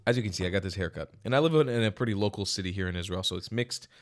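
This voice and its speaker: A man hosting a reaction vlog, talking bluntly with lots of swearing and emphasis, swinging from loud outbursts to quiet asides. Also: low-pitched, racing. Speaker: reaction video host. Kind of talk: casual opinionated commentary. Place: lives in Israel.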